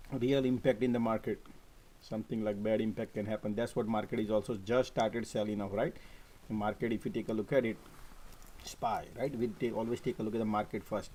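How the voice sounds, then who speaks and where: A man hosting a casual stock market live stream, animated and repetitive, often checking "right?" with his viewers. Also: medium pitch, slight background noise, poor audio. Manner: animated, repeats words, frequent "right?" and "guys". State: coughing, choked up at times.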